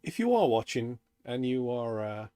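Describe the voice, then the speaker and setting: A man's voice: mid-range voice, big pitch swings, normal speed, warm tone, smooth, no room sound, clean studio sound. A man co-hosting a livestream, chuckling and prompting banter.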